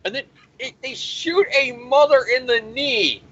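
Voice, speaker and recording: A man's voice: very high-pitched, unhurried, a bit bright, slightly rough, no room sound. A man recapping a comic issue in a rambling, profane, sarcastic way, as the host of a review show. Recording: dull lo-fi recording.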